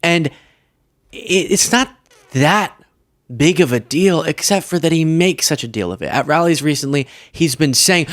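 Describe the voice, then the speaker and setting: A man's voice: on the high side, normal speed, a bit bright, no room sound, clean studio sound. A man hosting a political commentary show, talking casually and sarcastically and often laughing.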